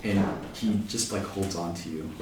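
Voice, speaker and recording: A man as game master, narrating a tabletop game in a soft, hesitant way with many fillers. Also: deep voice, normal speed, background noise. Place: living room at home. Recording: echoey room, distant mic, music behind.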